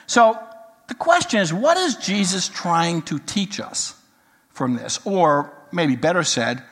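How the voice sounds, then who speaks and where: Older man, pastor, sermon, slightly high voice, storytelling, long hall reverb. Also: slow pace. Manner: storytelling, jokes then teaching, animated quoting. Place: church sanctuary.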